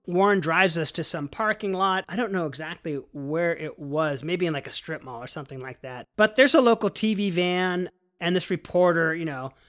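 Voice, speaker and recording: A man's voice: fairly high pitch, normal speed, a bit bright. A man telling a personal story in a casual, profane way, full of likes and you-knows.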